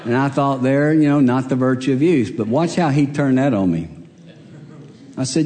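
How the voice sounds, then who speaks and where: A man's voice: medium pitch, normal speed, warm tone, long reverb tail. An older man, preaching a sermon in a church and telling stories about himself in a humorous, self-deprecating way. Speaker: pastor. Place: church sanctuary.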